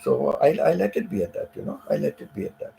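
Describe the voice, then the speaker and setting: A man on a live stream telling a personal story in a casual, emotional way, repeating phrases and filling pauses with "you know.". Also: on the high side, huge pitch swings, gravelly, warm tone, slight background noise, poor audio.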